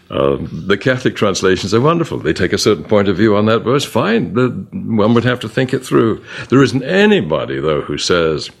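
A man teaching a Bible study in a deep voice. His delivery is animated, rising and falling widely as he reads verses and names the commas and question marks. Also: creaky. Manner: reads verses aloud with punctuation, animated emphasis.

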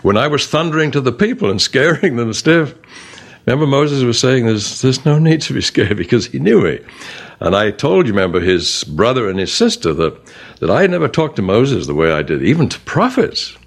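A man preaching a sermon in a conversational way, quoting scripture and voicing God's words gently, then rising sharply for emphasis. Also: mid-range voice, sing-song, a little fast.

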